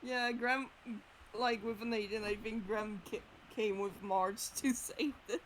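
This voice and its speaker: A woman's voice: on the high side, fairly even intonation, a little slow, slight background noise, low-quality recording. A woman playing a tabletop game, making joking remarks. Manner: joking, laughs often. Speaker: player. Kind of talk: tabletop role-play chat.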